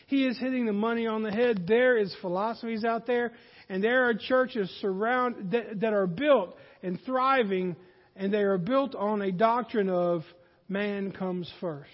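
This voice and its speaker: A man's voice: high voice, measured pace. A man preaching a sermon in a folksy manner that rises to emphatic peaks, heard in a church sanctuary. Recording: dull, hall reverb.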